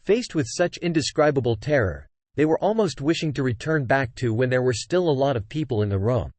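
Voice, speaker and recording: A man reading a fantasy web novel aloud as scripted audiobook narration, with steady storytelling and small shifts for the dialogue. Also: medium pitch, a little fast, dry recording.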